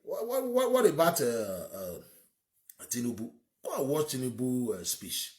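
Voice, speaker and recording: A man's voice: medium pitch, very animated, a little slow, echoey room. A man with a Nigerian accent giving an opinionated monologue as a political commentator, emphatic and ranting, firing off rhetorical questions.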